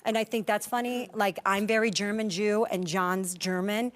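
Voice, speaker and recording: A woman's voice: mid-range voice, fairly even intonation, moderate pace. Chatty woman telling a story. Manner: chatty, many "like" fillers, acts out quoted dialogue. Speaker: reality show cast member. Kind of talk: casual storytelling on a talk show.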